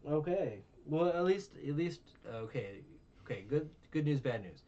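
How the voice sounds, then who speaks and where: A tired young podcast host rambles through a casual review chat, full of fillers and self-mocking asides. His voice is a little high, expressive and mellow, at normal speed, recorded on a distant, dull mic with faint noise.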